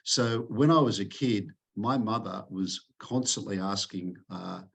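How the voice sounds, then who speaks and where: Australian man, lowish voice. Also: measured pace, gravelly, husky. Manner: repeats words when starting sentences. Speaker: podcast guest. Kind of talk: relaxed interview conversation.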